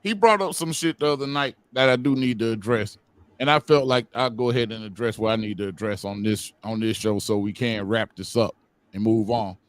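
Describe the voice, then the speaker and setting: A man's voice: on the low side, a little fast, no echo. A man on a live stream panel, speaking defiantly and bluntly with profanity. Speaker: co-host. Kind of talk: heated livestream talk.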